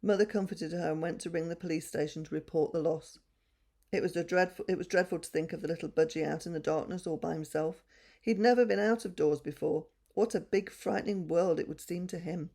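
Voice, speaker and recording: Gentle woman storyteller, husky and low, reading to children. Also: a little fast.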